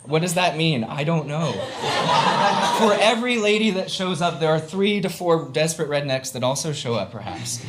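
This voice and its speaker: A man's voice: a little high, animated, moderate pace, heavy background noise. A young man from the US, telling a comic story on stage before a live audience, chatty and full of fillers, laughing along as he talks. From Southern United States.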